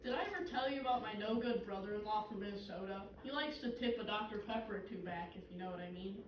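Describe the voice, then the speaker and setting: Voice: medium pitch, fast talker, lightly acted. A young performer playing Carl, a wisecracking middle-aged fisherman who swaps tall tales in a comedy skit. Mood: storytelling. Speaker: actor in a two-person comedy skit. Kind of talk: scripted comedic dialogue. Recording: roomy, distant, noisy stage recording.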